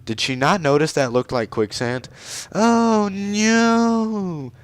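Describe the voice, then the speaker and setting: A man's voice: medium pitch, moderate pace, dry recording. A man hosting a let's play, giving casual, sarcastic and joking commentary on a video game. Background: video game music.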